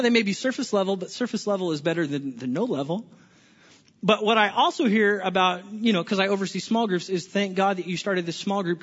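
A male pastor preaching a conversational sermon to a room, often restarting words and asking the listeners questions. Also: high-pitched. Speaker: pastor overseeing small groups. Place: church hall with an audience. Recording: echoey hall, dull lo-fi sound.

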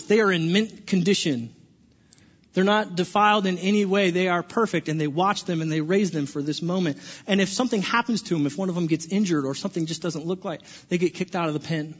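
High-voiced preacher in an echoing hall. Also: male voice, husky. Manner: animated storytelling, acting out quotes. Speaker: pastor. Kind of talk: sermon. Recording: dull lo-fi sound with long reverb.

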